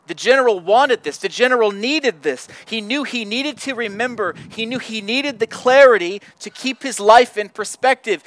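High-voiced pastor preaching earnestly. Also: male voice, moderate pace, few pauses, fairly bright tone. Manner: earnest, repeats words while searching for phrasing. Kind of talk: sermon.

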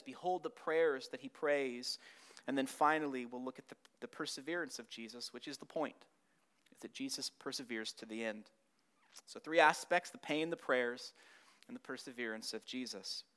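A man preaching a sermon, earnest and meditative, repeating key words, building up and then dropping to a hush. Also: fairly high pitch. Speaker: pastor.

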